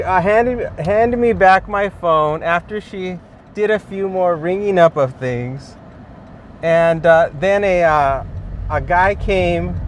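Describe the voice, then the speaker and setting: A man talking casually to camera while out on delivery runs, chatty and full of fillers and chuckles, recorded inside a car. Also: fairly high pitch. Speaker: delivery driver vlogger. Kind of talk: casual ride-along narration. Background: faint car and street noise.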